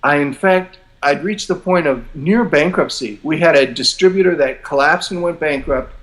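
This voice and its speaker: An older man being interviewed, telling his story in a relaxed, self-deprecating way with frequent chuckles. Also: a little high, normal speed. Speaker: interview guest, publisher.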